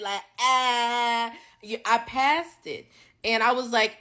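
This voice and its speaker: A young woman vlogging a casual faith testimony, animated and acting out her conversations with God. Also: a little high, measured pace.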